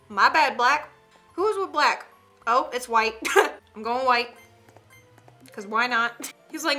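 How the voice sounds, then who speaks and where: A young woman, commenting on an online game in a chatty, excitable way with gasps and giggles. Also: fairly high pitch, a little slow, long pauses, faint music behind. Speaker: gaming streamer. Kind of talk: casual gameplay commentary.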